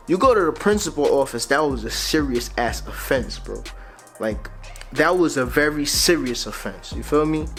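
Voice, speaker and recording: A young man from Grenada with a Grenadian Caribbean accent mixed with American slang, telling a casual storytime in a loose, conversational way. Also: mid-range voice. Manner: loose and conversational, laid-back slang, frequent "you feel me". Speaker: vlogger.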